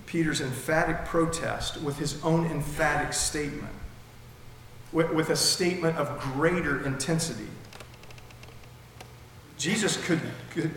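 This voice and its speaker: A man preaching a sermon emphatically, with sudden swings between loud and soft, while his mouth keeps going dry. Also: on the high side, slight background noise. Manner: emphatic, with dramatic swings in loudness. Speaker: pastor. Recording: echoey hall with long reverb.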